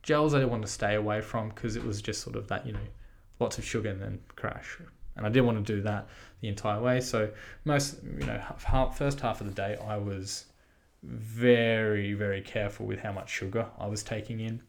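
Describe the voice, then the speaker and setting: An Australian man with a low, gravelly voice and a lot of fry. He talks in a laid-back, rambling way as he recaps for his podcast, swearing freely. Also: fairly even intonation, moderate pace, few pauses. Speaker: podcast host. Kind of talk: casual spoken recap.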